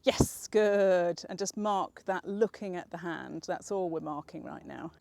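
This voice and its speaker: A woman's voice: on the low side, unhurried, vocal fry, mellow, dry recording. A woman dog trainer, patiently explaining a training exercise step by step and encouraging the dog. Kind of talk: hands-on dog training instruction.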